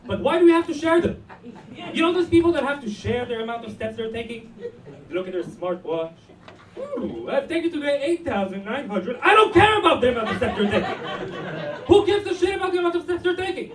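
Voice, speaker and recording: An Israeli man performs stand-up with a high, bouncing voice and punchy timing. His voice carries through a roomy club from a distance. Steady laughter from the audience sits behind him. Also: fast. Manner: animated, punchy delivery. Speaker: stand-up comic. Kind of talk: stand-up set. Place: comedy club.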